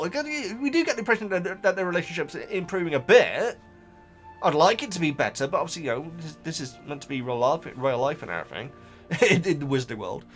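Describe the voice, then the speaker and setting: Animated, excitable man talking to viewers. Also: a little high. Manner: chatty, talks straight to viewers, excitable. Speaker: channel host reacting to a book. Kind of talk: casual reaction vlog.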